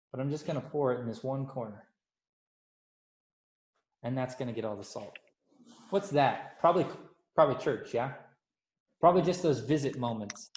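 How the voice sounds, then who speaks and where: A man's voice: fairly high pitch, a little mellow. A man giving a casual, playful sermon that keeps asking the audience questions. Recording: echoey room.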